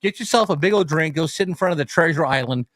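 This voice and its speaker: A man co-hosting a casual sports podcast, telling an animated story and swearing freely. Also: a little high, quick pace, dry recording, clean studio sound. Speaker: podcast co-host.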